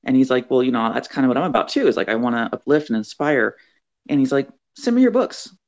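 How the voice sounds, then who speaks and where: Woman, gravelly voice, animated storyteller, dull lo-fi call audio. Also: rumbling low, fast. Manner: acts out quoted voices, chatty. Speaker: author guest.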